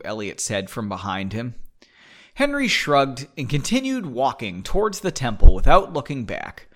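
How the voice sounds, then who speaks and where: Chatty man with a lively voice. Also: medium pitch, normal speed. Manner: chatty, digressive, laughs often. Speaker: podcast host reading his own story. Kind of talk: casual chat and story reading.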